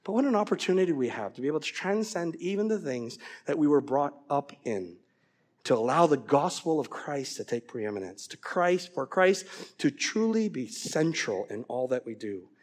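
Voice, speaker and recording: A middle-aged man, a pastor, preaching a sermon in a lively storytelling way, often asking "right?" and saying "like". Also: on the high side, moderate pace. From Korean family, raised in America. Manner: animated storytelling, many "right?" and "like".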